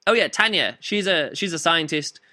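Brief: man reviewer, chatty and hesitant, slightly high, bright tone. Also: expressive, normal speed. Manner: rambling, hesitant, many fillers and restarts. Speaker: book reviewer. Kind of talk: casual chat.

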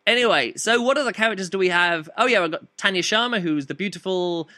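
Brief: man reviewer, chatty and hesitant, slightly high, bright tone. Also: fast. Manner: rambling, hesitant, many fillers and restarts. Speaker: book reviewer. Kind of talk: casual chat.

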